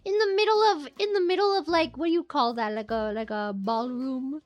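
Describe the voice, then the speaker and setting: A woman's voice: high voice, fairly even intonation, a little fast. A young woman streamer telling a story in a rambling, giggly way, laughing often.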